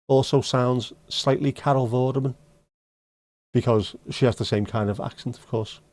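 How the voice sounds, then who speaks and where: A middle-aged man hosts a relaxed live stream. He reads viewers' comments aloud and teases them in a joking, conversational way. His voice sits at a middling pitch and is recorded close up with a dry, deadened sound. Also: no echo. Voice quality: joking, teasing banter. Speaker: livestream host. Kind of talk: casual chat reading out viewer comments.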